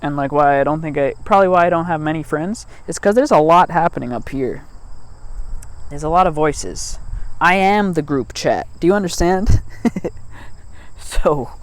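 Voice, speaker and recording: A man's voice: a little high, lively intonation, moderate pace. A man talking to camera in a rambling, casual monologue outdoors in a field, joking at his own expense and laughing often between thoughts, into a cheap mic with poor wind protection. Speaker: vlogger. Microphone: cheap mic without proper wind protection.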